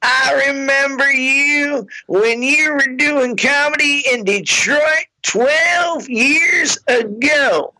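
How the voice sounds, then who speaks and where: A man voicing a pushy, drunk, toothless middle-aged woman fan who talks in a shrill, insistent, slurring way. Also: slow, few pauses, bright, forceful tone, heavily acted, rough recording.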